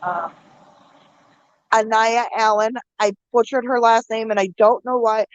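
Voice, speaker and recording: A woman vlogger from the American Midwest, talking to her viewers through tears, halting with many pauses and fillers. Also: medium pitch, creaky, dry recording. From Minnesota. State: crying. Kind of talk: emotional vlog talk to viewers.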